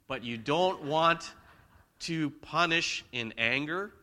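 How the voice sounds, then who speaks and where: A man preaching a conversational sermon in church, swinging between loud emphasis and quiet asides. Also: a little high, slow. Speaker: pastor.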